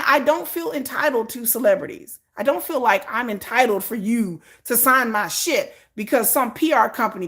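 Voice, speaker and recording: A woman's voice: a little high, fairly bright tone. A woman host ranting through a commentary vlog, sarcastic and exasperated, swearing freely and mocking others in exaggerated voices. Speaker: K-pop news commentator.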